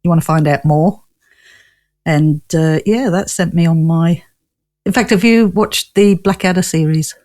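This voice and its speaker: A woman's voice: on the low side, a little slow, a little mellow. Chatty woman guest with a northern English accent; laughs a lot and rambles through stories. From Newcastle, England. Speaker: guest, ghost tour owner. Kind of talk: casual interview chat.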